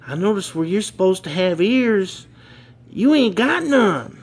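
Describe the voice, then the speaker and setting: A man's voice: high-pitched, big pitch swings, measured pace, pitched above the performer's own voice, full character voice. A man voicing a plain-spoken young male job applicant who answers bluntly.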